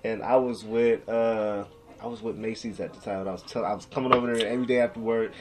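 A man's voice: fairly low pitch, fairly even intonation, fast, noisy background. A man hosting a casual interview, laid-back and prompting his guest to keep talking. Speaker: interview host.

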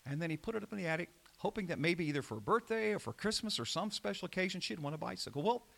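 A man preaching a sermon, calling out to the congregation and swinging between loud emphasis and quiet asides. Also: high voice, quick pace, creaky. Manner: animated preaching with call-and-response. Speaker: pastor.

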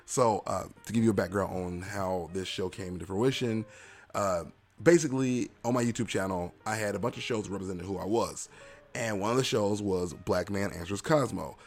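Young male podcast host with a lowish, gravelly voice. Rambling, self-deprecating and playful. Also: normal speed. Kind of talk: casual solo podcast chat.

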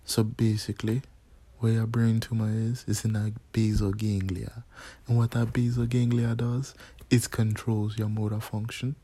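A man voicing a male cancer doctor in a put-on Jamaican accent, delivering bad news in a hushed, matter-of-fact way. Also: lowish voice, flat delivery, moderate pace, natural voice.

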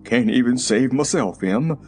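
A man reading aloud and voicing a plain old farmer with a husky voice. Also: mid-range voice, lively intonation, measured pace, a little mellow, soft background music. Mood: resigned.

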